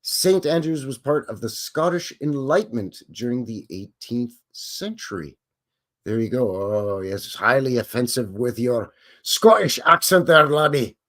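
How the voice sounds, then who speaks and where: A man's voice: mid-range voice, expressive, unhurried, fairly bright tone. A man hosting a live stream, reading passages aloud and breaking off for wry, self-deprecating comments.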